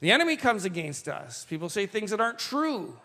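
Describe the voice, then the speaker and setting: High-voiced man preaching in a reverberant hall. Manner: animated, slows for quoted lines, asides to the congregation. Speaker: pastor. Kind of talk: sermon reading and commenting on scripture.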